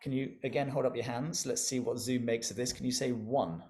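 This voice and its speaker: A man in a mid-range voice leads an interactive music lesson over a video call. He is warmly encouraging and playful, coaxing listeners to repeat sounds and actions after him. He breaks into easy laughter between instructions. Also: medium pitch, fairly even intonation, fairly quick. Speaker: music educator leading an online workshop.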